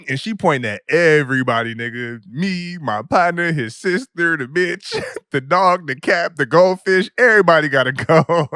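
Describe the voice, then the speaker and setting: A young adult man hosting a podcast, telling a comedic story in a loose, profane, animated way with lots of laughter. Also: a little high, moderate pace, smooth, dry recording, clean studio sound. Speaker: podcast host.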